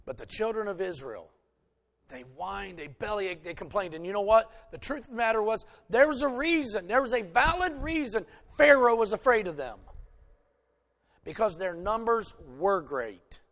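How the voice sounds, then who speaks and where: Folksy high-voiced preaching man. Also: moderate pace. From American South. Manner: folksy, joking, animated preaching. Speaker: pastor. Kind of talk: sermon.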